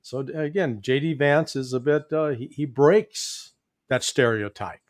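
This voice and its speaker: A man with a Midwestern accent giving political commentary as an interview guest, folksy and animated, chuckling often. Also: mid-range voice, measured pace, no echo, studio quality. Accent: Midwestern American. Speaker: guest, former intelligence analyst.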